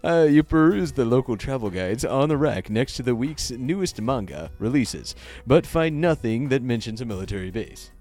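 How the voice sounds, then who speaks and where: A man's voice: mid-range voice, normal speed, few pauses, soft background music. A man co-hosting a gaming podcast, reading a dating-sim story aloud in a casual, stumbling way. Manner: reads the story text aloud with stumbles and laughs, lively. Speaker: podcast co-host reading a game. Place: small home recording setup, sharing one mic.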